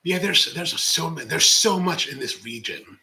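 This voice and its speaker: Chatty bright-voiced man. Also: a little high, lively intonation, moderate pace, poor audio. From Baltimore, USA. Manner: rambling and chatty, drops to whispers for jokes. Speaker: coffee livestream host reading chat. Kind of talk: casual chat.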